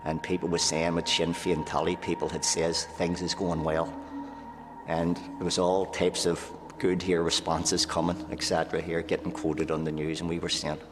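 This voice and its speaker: A man's voice: deep voice, little pitch movement, moderate pace, background noise. A man, a former prisoner, earnestly recounting his memories in an interview, often adding "here" and "right?". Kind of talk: recollection in interview. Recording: long hall reverb, faint music.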